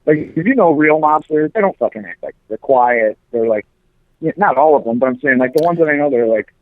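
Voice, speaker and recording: A man's voice: on the high side, lively intonation, fairly quick, no room sound. A man co-hosting a talk show, ranting in crude, profane, mocking casual banter. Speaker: podcast co-host. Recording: dry, phone-like narrow sound.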